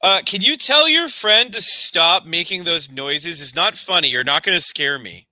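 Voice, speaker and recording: A man voicing a terrified young male camper who pleads and shouts in a tabletop horror game. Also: a little high, lively intonation, normal speed, no room sound, voice pushed up. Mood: annoyed, nervous. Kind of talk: tabletop horror role-play.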